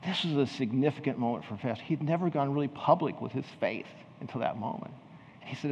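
A man's voice: medium pitch, a little fast, a little mellow, husky. A man preaching a sermon in a church, telling a story conversationally and then pressing his point with earnest emphasis. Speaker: pastor. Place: church sanctuary. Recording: dull sound with long hall reverb.

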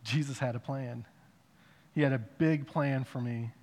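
A man giving a personal testimony in a conversational way, rising to emphatic bursts and dropping to hushed reflection. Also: mid-range voice, steady tone, unhurried. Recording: long reverb of a large hall.

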